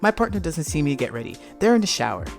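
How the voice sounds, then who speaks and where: Talking fast in a higher-pitched voice with faint music behind him, a male podcast host delivers a personal story solo. He brings the scenes to life, voicing each quote with animation.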